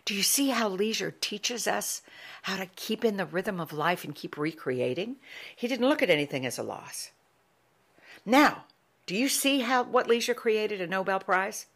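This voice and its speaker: A middle-aged woman giving an inspirational talk, telling heartfelt stories in an emphatic, warm storytelling manner. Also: mid-range voice, animated, moderate pace. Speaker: motivational speaker.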